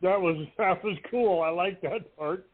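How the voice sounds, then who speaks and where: A man gives feedback on a poem in a halting, casual way, stopping and starting often. His voice is a little high for a man. It comes through a narrow, phone-like line. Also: breathy edge. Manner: hesitant, many fillers and restarts. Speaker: listener giving feedback. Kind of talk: casual chat. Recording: tinny phone-like online audio.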